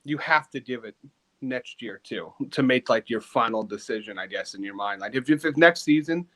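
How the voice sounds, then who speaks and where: A man co-hosts a sports podcast in an animated, rambling way, peppering his talk with "like" and quick laughs. His voice sits at a middle pitch. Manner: animated, heavy use of "like", laughs often. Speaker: podcast co-host. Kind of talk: casual sports chat.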